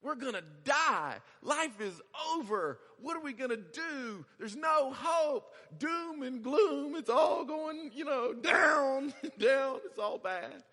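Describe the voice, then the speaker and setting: A frantic, despairing servant man cries out in a high, strained, bright voice, as a preacher acts him out. The voice rings through a reverberant hall. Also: expressive, takes it slowly, few pauses, full character voice. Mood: panicked. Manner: wailing, frantic. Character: panicking male servant, terrified and despairing.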